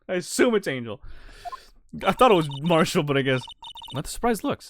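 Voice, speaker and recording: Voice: mid-range voice, big pitch swings, quick pace, background noise. A streamer making casual, joking asides with swearing while playing a game. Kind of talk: casual let's-play commentary.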